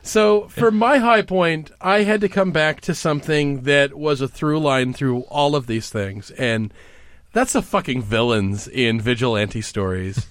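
A man co-hosting a podcast in an animated, casual chat, swearing freely and laughing often. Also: fairly high pitch, a little slow, no room sound.

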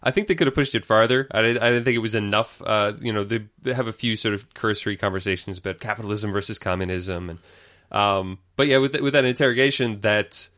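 A man co-hosting a casual movie podcast, speaking in a measured, thoughtful way. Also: fairly low pitch, fairly bright tone. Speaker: podcast co-host.

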